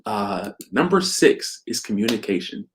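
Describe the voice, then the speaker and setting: Relaxed low-voiced man sharing faith reflections. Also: a little slow, noisy background. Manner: reflective, conversational, many fillers. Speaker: faith vlogger. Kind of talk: casual devotional talk.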